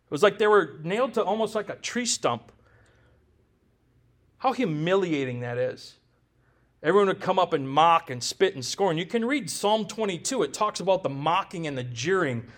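A man with a notably high voice preaches with conviction, pressing his points home with rhetorical questions. He keeps it conversational and throws in quick jokes. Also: animated. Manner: jokes with the congregation. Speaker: pastor. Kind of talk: sermon.

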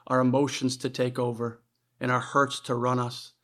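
A man's voice: mid-range voice, completely flat delivery, normal speed, fairly bright tone. A man preaching a sermon in an earnest, conversational way, often restarting his sentences.

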